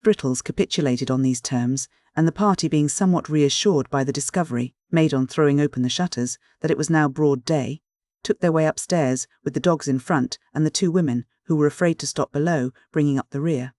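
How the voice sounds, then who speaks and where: A male audiobook narrator reading a classic novel in a measured, steady way. His voice sits a little higher than most men's. The recording is close and dry, with no room sound. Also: dry recording.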